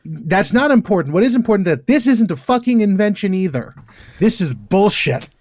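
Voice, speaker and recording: English guy on a podcast, blunt, swears a lot, slightly high voice, dry sound. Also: sing-song, dry recording. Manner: blunt, swears freely, quick to dismiss. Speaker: podcast co-host. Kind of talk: casual chat.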